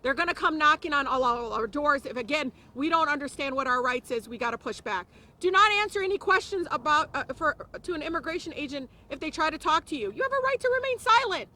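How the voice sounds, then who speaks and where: A woman's voice: high voice, animated, quick pace, bright, forceful tone. A woman giving an impassioned press conference speech, emphatic and repeating phrases for stress. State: close to tears at times. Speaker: politician speaking at a press conference.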